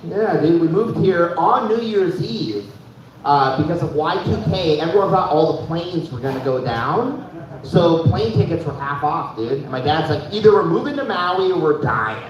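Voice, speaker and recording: A man's voice: on the high side, lively intonation, moderate pace, crowd noise. A young man from North Dakota doing a stand-up comedy set, casual and loose, dropping "dude" all the time and laughing at his own jokes. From Fargo, North Dakota. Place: live comedy show in a room. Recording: echoey room, mic heard from far, dull.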